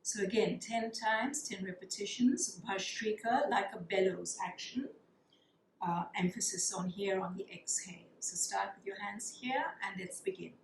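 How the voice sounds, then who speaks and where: A woman teaching a yoga class, guiding breathing practices in a calm, soothing way and counting the breaths. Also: medium pitch, moderate pace, slight background noise. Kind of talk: guided yoga breathing instruction. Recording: echoey room with faint ambience.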